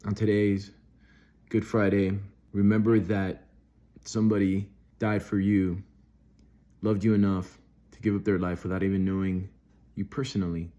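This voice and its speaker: A middle-aged man talks through a devotional reflection in a somewhat low voice. He speaks earnestly and off the cuff, with restarts, and his voice climbs when he stresses a point. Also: level tone, moderate pace, pauses often, mellow. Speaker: Christian video host. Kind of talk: devotional monologue.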